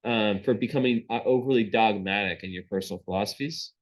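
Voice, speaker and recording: A man's voice: lowish voice, fast talker, rough recording. A man giving a casual astrology reading, rambling with many fillers and restarts.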